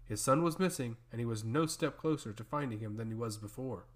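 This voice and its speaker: A man reading a fantasy story aloud as narrator, with an animated reading voice. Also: mid-range voice, brisk.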